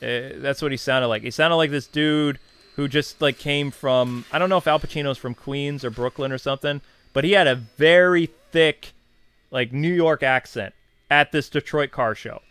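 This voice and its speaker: A man's voice: medium pitch, moderate pace, fairly bright tone, smooth, no room sound. A man in his thirties, a channel host, casually reminiscing in a chatty, digressive way with many asides.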